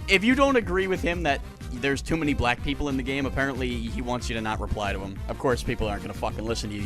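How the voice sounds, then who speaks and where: A man in a casual commentary video, reading online comments aloud and mocking them in a sarcastic, exasperated, profane way, with stammered restarts and chuckles. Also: mid-range voice. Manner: stammering restarts and swings from loud to muttered. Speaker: YouTuber reacting to comments.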